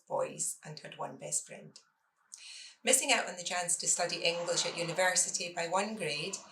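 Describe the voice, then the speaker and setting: A Scottish woman in her fifties reads her own prose and poetry aloud. Her voice sits a little low but sounds bright and sharp. The delivery is expressive and grows animated in the poems. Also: low-quality recording. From Scotland. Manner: expressive reading, lively in the poem. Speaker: debut author.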